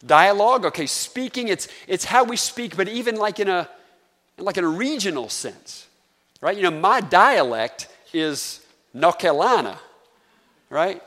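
A Southern man with a North Carolina accent preaches to his congregation in an easy, conversational way and often throws questions out to the pews. His voice sits a little higher than most men's, and it rings out with a long reverb through the sanctuary. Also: lively intonation, normal speed, sharp tone. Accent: Southern American, North Carolina. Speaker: pastor. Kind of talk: sermon.

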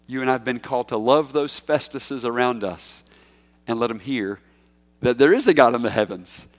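A man preaching a sermon in a conversational, emphatic way, with big swings in pitch and loudness. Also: moderate pace. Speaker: pastor. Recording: echoey hall.

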